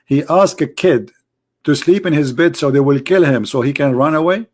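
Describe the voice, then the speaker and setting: A man from the Arab world with an Arabic accent hosts a live debate stream, his voice on the high side, darkish, at a moderate pace. Talking casually, he mocks and fires off rhetorical questions in loose, broken English full of "like" and "brother".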